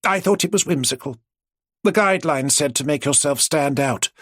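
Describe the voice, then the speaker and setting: A man's voice: a little high, normal speed, a bit bright, dry recording, clean studio sound, pitched above the performer's own voice. Man voicing a prim, exasperated woman. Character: sensible middle-aged woman, exasperated and prim.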